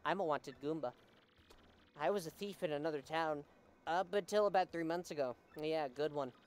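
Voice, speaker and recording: A woman doing a hushed sneaky Goomba thief. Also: low voice, moderate pace, close to an everyday voice. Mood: secretive. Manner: hushed, secretive.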